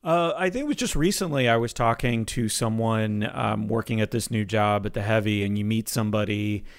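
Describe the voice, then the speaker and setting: A man co-hosting a podcast in casual chat, talking loosely and filling pauses with "like" and "uh". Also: on the low side, clean tone. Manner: chatty, many fillers like "like" and "uh". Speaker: podcast co-host.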